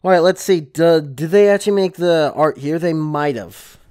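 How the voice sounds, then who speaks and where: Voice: mid-range voice, normal speed, clear, resonant tone. A let's-play gamer reading game dialogue aloud and chatting between lines. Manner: animated, chatty reading with asides.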